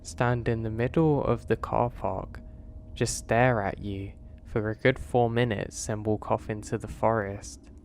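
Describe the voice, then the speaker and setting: A man's voice: fairly low pitch, fairly even intonation, unhurried, a little mellow, a little hiss or hum. A man voicing an odd, pushy rural male gas station attendant in a horror story reading, asking blunt questions.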